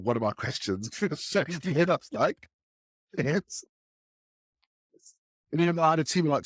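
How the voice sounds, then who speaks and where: On a casual podcast, a man tells animated stories about enterprise sales, lifting his pitch to act out what the people in them said. The recording is echo-free and of studio quality.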